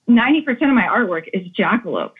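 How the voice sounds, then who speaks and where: A woman's voice: mid-range voice, quick pace, slightly rough. Upbeat woman on a tinny call line. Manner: enthusiastic, animated storytelling. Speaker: guest artist. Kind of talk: casual interview chat. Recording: tinny phone-like call audio.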